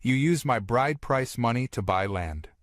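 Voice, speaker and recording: A man's voice: medium pitch, animated, measured pace, dry recording, clean studio sound, close to an everyday voice. A male narrator voicing an angry, scheming young woman in a comic story, with accusing lines. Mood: indignant. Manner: indignant, accusing.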